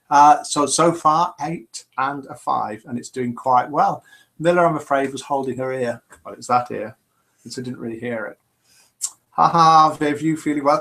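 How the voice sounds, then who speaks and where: Sharp in tone and mid-range in pitch, this middle-aged man runs a relaxed live chat show. He keeps things chatty and full of jokes as he reads viewer comments aloud and responds to them.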